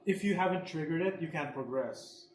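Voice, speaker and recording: A man's voice: a little high, normal speed, roomy sound, recorded from a distance, low-quality recording. A man co-hosting a casual gaming podcast, wry and joking. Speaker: podcast co-host. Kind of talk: casual chat.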